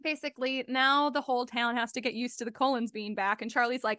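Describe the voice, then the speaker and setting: Bright-voiced young woman chatting. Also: on the high side, no room sound, studio quality. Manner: animated, quoting characters in quick asides. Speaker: book club podcast host. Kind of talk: casual chat recapping a novel.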